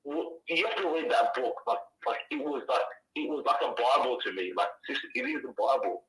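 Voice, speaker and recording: A male caller rambles and gushes, leaning on the same phrases again and again. His voice comes through bright and a little tense. The line sounds roomy, as if he's calling from an echoey space. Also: mid-range voice, lively intonation, fairly quick. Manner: gushing, filler-heavy, keeps repeating himself. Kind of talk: casual call-in chat.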